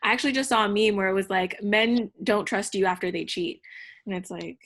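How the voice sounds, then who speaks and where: A woman's voice: mid-range voice, brisk, fairly bright tone. A young woman, a podcast guest, telling a personal story in casual chat, candid and profane, with lots of fillers.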